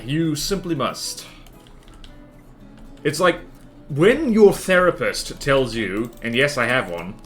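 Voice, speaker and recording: A man's voice: medium pitch, animated, moderate pace, a bit bright, faint music behind. A man streaming a game, chatting casually in a rambling, playful, self-mocking way. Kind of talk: casual livestream chatter while building in a game.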